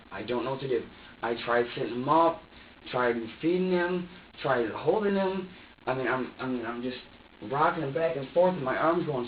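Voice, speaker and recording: A man's voice: fairly high pitch, a little hiss or hum. A man being questioned by police, retelling events in a rambling, repetitive way and acting out what he said. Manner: rambling and repetitive, acting out his own words. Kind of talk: recounting events during a police interrogation. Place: police interrogation room. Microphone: room surveillance microphone. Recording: echoey, distant, dull interrogation-room recording.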